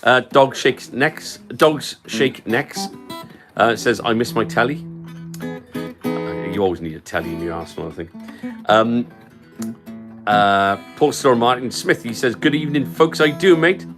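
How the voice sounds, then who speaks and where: A man's voice: medium pitch, unhurried, long pauses, a bit bright. A man hosting a casual guitar shop livestream, reading out viewer comments in an easygoing way.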